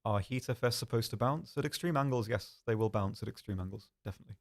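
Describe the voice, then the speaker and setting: A young man hosting a live stream, answering chat questions in a calm, soft-spoken, dry and self-deprecating way. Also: fairly low pitch, fast talker.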